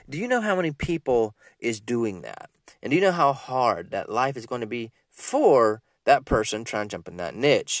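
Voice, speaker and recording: A man's voice: medium pitch, no echo, studio quality. A man from Georgia, giving a casual, rambling motivational talk as a business coach. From Georgia, USA. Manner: animated, rambling, repeats himself.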